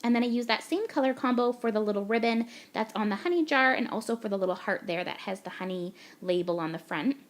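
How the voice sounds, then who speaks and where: A woman's voice: a little high, fast, hardly any pauses. A young woman from Canada, gushing and chatty as she talks through a card-making tutorial voice-over step by step.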